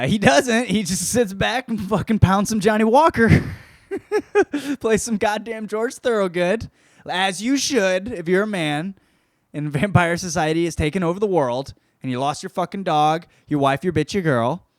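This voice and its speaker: A man's voice: mid-range voice, no echo, studio quality. A man hosting a casual comic book review, talking in a profane, rambling way. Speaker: host.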